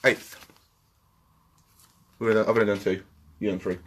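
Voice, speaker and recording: A man's voice: on the low side, flat delivery, moderate pace. A man, co-hosting a podcast in casual chat, sweary and sarcastic. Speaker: podcast co-host.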